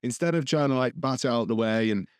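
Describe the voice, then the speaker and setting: A man's voice: medium pitch, fast talker, smooth, no room sound, studio quality. A man co-hosting a podcast, telling a rambling story full of restarts, with swearing and laughter. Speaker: podcast co-host. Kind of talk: casual chat.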